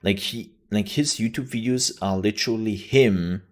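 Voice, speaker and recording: A man's voice: fairly low pitch, normal speed. A man streaming live, chatting casually and joking often.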